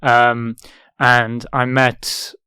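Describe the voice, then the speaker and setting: Lively young English man telling stories. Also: medium pitch, drawn-out words, smooth, no room sound, clean studio sound. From England. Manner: animated, acts out quotes loudly with laughter. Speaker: actor guest. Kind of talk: casual storytelling chat.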